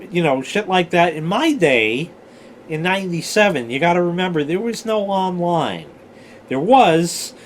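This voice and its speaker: A man in his forties hosts as a storyteller, telling old stories in a relaxed, meandering style full of swearing and tangents. He has a fairly high-pitched voice, and a little hiss or hum runs underneath.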